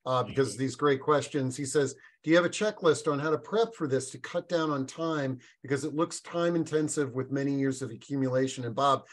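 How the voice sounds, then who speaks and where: A man hosting a live online discussion, talking casually with frequent pauses and fillers. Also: medium pitch. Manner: relaxed, halting, many fillers. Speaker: webinar host.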